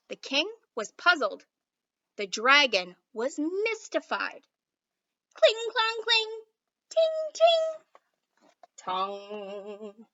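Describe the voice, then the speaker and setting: Brief: woman storybook reader, high bright voice, slow and expressive, slightly muffled recording. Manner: expressive, unhurried. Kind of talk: storybook read-aloud.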